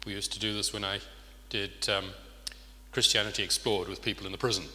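A man's voice: fairly low pitch, steady tone, a little fast, bright, forceful tone. A man preaching a sermon in an earnest way, often asking his listeners rhetorical questions. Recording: long reverb of a large hall.

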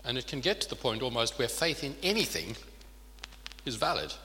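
Very animated at normal speed, a man with a mid-range, pushed and bright voice preaches earnestly, often putting rhetorical questions to his listeners. A little hiss or hum sits under the long reverb of a large hall.

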